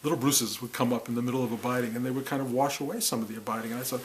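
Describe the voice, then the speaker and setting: A middle-aged man teaching about awakening in a musing, reflective way, repeating words and breaking into animated bursts. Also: medium pitch, very fast, a little hiss or hum, low-quality recording. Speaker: spiritual teacher. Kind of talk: reflective spiritual talk.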